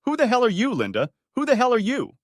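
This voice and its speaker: A man's voice: medium pitch, big pitch swings, fairly quick, fairly bright tone, no room sound, studio quality. A man playing a cold, furious betrayed husband. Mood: angry. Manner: cold and caustic.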